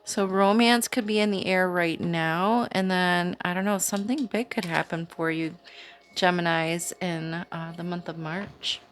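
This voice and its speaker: A woman with a slightly low voice talks her viewers through a weekly card reading. She speaks slowly and unhurriedly, in a soothing and chatty way, like a host used to talking to her regular audience. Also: fairly even intonation. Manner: slow, soothing, chatty with small laughs. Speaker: tarot reader, channel host. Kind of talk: casual spiritual reading to camera.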